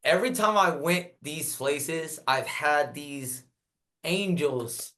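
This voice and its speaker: Animated storytelling man, fairly high voice. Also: slow. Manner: animated, repeats himself, acts out quotes. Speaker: podcast guest. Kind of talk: casual storytelling.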